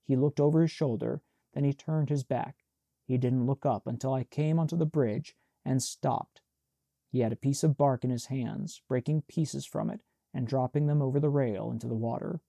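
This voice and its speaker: A man reading a literary novel aloud as an audiobook narrator, in a measured, somber way. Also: mid-range voice, gravelly, dark tone, dry recording, clean studio sound.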